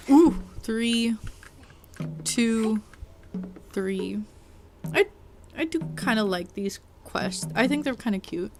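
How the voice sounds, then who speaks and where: A woman's voice: mid-range voice, lively intonation, slow pace, pauses often, faint music behind. A woman streaming a video game, chatting casually and rambling to her chat, sometimes talking with her mouth full. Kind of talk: casual live-stream chat while gaming. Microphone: desk mic.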